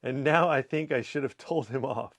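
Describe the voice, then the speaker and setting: Relaxed man reading viewer comments. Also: normal speed. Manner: reads viewer comments aloud, relaxed and chatty; breaks into playful high scolding voices. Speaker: host. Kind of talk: casual livestream comment reading.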